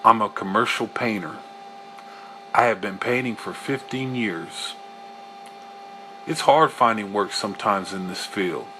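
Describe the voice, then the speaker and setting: A man reading a first-person story aloud as an audiobook narrator, in a slow, unhurried way. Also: fairly low pitch, sharp tone, a little hiss or hum, poor audio. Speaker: audiobook reader.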